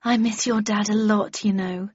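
A woman's voice: mid-range voice, steady tone, moderate pace, a little mellow, breathy edge, dry recording, dull audio, close to an everyday voice. A woman voicing a bustling, fussy middle-aged mother who coos and scolds, in a storybook reading. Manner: cooing, scolding, fluttery.

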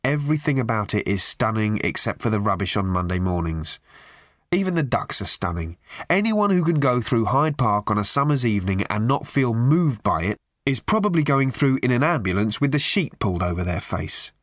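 An expressive male audiobook narrator. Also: fairly low pitch, moderate pace, no echo, studio quality. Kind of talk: scripted narration.

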